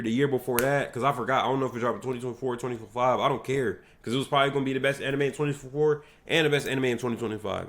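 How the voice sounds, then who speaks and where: A man's voice: medium pitch, steady tone, fast, a bit bright. A young American man hosting a solo livestream podcast, talking casually in slangy, hyped, rambling bursts. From United States.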